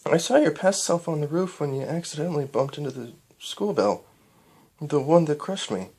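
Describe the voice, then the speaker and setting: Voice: mid-range voice, expressive, normal speed, a little mellow, slightly rough, pitched above the performer's own voice. A reader voicing a tender young-adult pony princess in a storybook reading.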